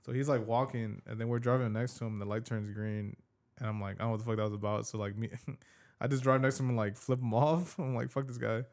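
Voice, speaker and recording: Fast-talking man telling a story. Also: mid-range voice. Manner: animated storyteller, swears a lot, slangy. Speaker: podcast host. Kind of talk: casual chat.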